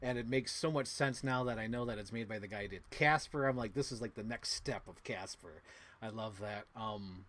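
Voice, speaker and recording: A man's voice: lowish voice, normal speed, a bit bright. A man co-hosting a casual movie review chat, gushing and swearing freely as he acts out quotes. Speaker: podcast co-host.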